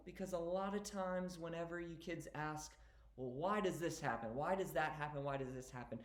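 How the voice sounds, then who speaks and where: A man's voice: a little high, echoey room. A male teacher giving a casual recorded lecture, explaining step by step and often checking in with "okay?".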